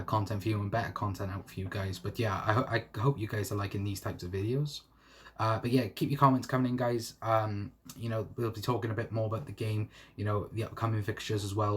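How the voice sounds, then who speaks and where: A man's voice: lowish voice, slight background noise. A young man hosting a fan live stream, reading out comments and chatting in a rambling way full of fillers. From England. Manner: rambling, many fillers like "you know" and "uh". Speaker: fan channel host.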